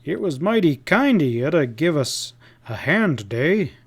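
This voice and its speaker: A man's voice: on the high side, big pitch swings, measured pace, breathy edge, exaggerated voice. A man voicing a kindly, plain-spoken older ranch man in an audiobook. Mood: grateful.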